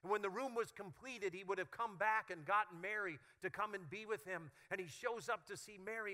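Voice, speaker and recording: A male pastor preaching a sermon with humorous, animated storytelling. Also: sits high, a little fast, hardly any pauses.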